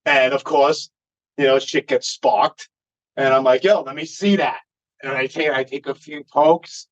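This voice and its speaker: Speaking a little slowly, with a mid-range voice and fairly even intonation, a male podcast guest swears freely as he rambles through an anecdote in casual conversation. The recording quality is dull and lo-fi.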